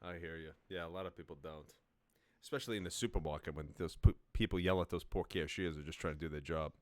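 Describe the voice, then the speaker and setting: A man's voice: low voice, fast, a little mellow, dry recording. A man co-hosting a casual live talk show, telling stories animatedly, laughing often and saying "like" a lot. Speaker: co-host. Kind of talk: casual live-stream chat.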